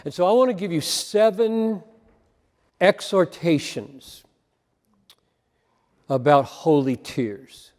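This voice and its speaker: A man with a high-pitched voice preaches an earnest, emphatic sermon, repeating phrases for weight. His words ring out with a long reverb, as from a large hall. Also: lively intonation, takes it slowly, pauses often, darkish tone. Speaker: pastor.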